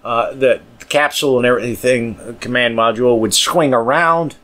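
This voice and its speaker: A man's voice: mid-range voice, moderate pace, a bit bright. A man hosting a podcast, talking in a casual, rambling way with crude language and mumbled asides. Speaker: podcast host.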